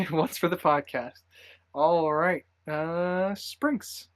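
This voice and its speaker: A man's voice: fairly high pitch, drawn-out words, dry recording, clean studio sound. A man hosting a casual movie podcast, rambling with many fillers and frequent laughs. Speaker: podcast host.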